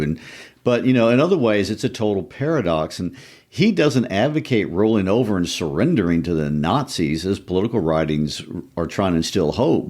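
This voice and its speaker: Deep-voiced guy on a book podcast, thinking out loud, kinda musing. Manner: thoughtful, musing, reads quotations aloud. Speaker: podcast co-host. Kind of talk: conversational literature discussion.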